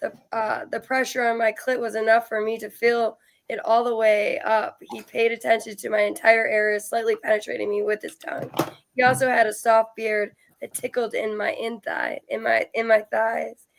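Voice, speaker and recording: A woman's voice: a little high, level tone, moderate pace, creaky. A woman co-hosting a podcast, frank and giggly in casual chat as she reads out listener stories.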